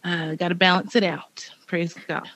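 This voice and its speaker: A podcast co-host chatting in a relaxed, joking way. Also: mid-range voice, moderate pace, dry recording. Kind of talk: casual chat.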